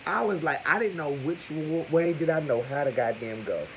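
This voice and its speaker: A man's voice: expressive, moderate pace, slight background noise, poor audio. Sassy, swooping man ranting for laughs. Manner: sassy, loud and gossipy, with swooping high exclamations and laughter. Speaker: comedic vlogger in character as a security guard. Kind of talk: sassy comedic rant to camera.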